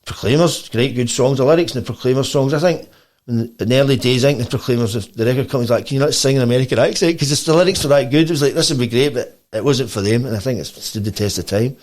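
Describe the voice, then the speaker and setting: A man's voice: mid-range voice, quick pace. A man with a Scottish accent chatting as a podcast guest, rambling with many restarts. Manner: animated storytelling. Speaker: guest musician. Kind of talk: casual podcast chat.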